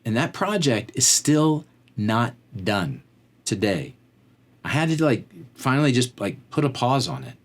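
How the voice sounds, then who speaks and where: A man's voice: mid-range voice, very animated, unhurried. A man hosting a faith-based motivational talk, conversational and rambling, often drifting off on tangents. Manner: conversational, fills with "like". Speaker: podcast host.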